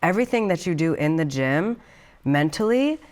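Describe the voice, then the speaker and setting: Low-voiced chatty woman host. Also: lively intonation, moderate pace, a little mellow. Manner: chatty, frequent "like" and laughs. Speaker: podcast host. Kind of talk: casual podcast chat.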